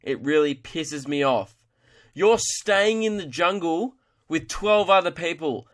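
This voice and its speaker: Ranting man, slightly high voice. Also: animated, fairly bright tone. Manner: exasperated, ranting, sweary, mimics people in quick voices. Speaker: comedian podcast host. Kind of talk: ranting comedy podcast monologue.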